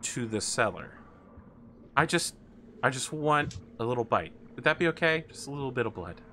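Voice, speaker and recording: A man's voice: mid-range voice, lively intonation, normal speed, pushed and bright, a little hiss or hum. A man voicing a weepy, lovesick female succubus who whines and pleads in a rising, tearful voice. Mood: pleading. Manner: whiny, pleading, sobbing.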